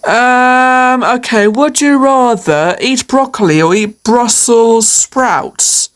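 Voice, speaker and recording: A woman's voice: fairly high pitch, takes it slowly. A woman chatting on her own through a quiz, playful and hesitant, with many fillers and frequent laughter. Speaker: video creator answering quiz questions. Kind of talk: casual solo commentary.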